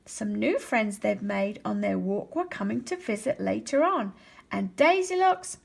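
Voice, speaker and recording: Woman teacher reading a children's story aloud, expressive, lively pitch, husky voice. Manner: expressive, slows for emphasis.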